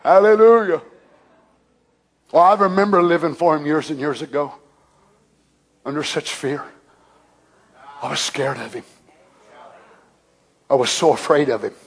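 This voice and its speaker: An older man preaching a fervent sermon as pastor in a church, shouting at times and dropping to hushed tones. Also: on the high side, measured pace, pauses often. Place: church sanctuary.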